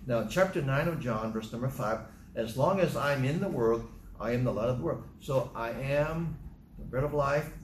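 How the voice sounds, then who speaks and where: Guy preaching a sermon, leans hard on the verses, roomy echoey sound, little hiss behind. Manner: emphatic, rises in pitch on key scripture lines. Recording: echoey room with faint ambient noise.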